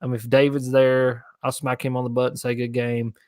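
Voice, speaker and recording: A young man chats loosely through viewer questions on a fishing livestream. His voice sits at a middle pitch and is recorded close and dry, with no room sound. He rambles easily and stays casual. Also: little pitch movement, fairly quick, darkish tone, no room sound. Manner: laid-back, rambling, answering viewer questions. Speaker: fishing channel host.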